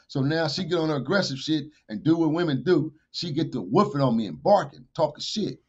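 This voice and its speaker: A man, a podcast guest telling a street story with profanity, acted-out dialogue and shouted sound effects. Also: a little high, expressive, fairly quick, few pauses, husky. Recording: dull lo-fi podcast audio.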